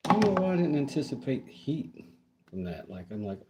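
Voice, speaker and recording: A man's voice: mid-range voice, very animated, a little fast, noisy background. A man in casual live-stream chat while working on a craft project, joking and reading chat aloud. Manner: laid-back, joking, reads chat aloud.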